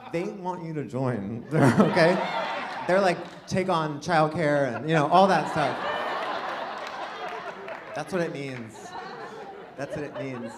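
Higher-voiced man doing self-deprecating stand-up. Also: background noise. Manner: chatty, self-deprecating, playful asides. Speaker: stand-up comedian. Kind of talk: stand-up comedy set. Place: live comedy venue with an audience.

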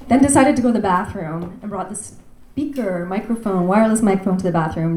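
A woman's voice: fairly low pitch, dark tone. A woman hosting a literary event, announcing between readings in a chatty, rambling way. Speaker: event host. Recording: echoey room.

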